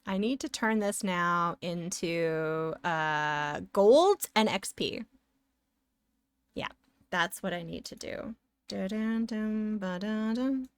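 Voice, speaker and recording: A woman's voice: lowish voice, lively intonation, slow, long pauses, smooth, dry recording. A woman streamer chatting playfully and sassily with her viewers while she draws, giggling often. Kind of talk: casual live-stream chat while drawing.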